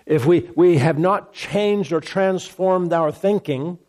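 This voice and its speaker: A man's voice: high-pitched, slow, a little mellow. A man preaching a sermon, emphatic, repeating phrases and restarting mid-sentence.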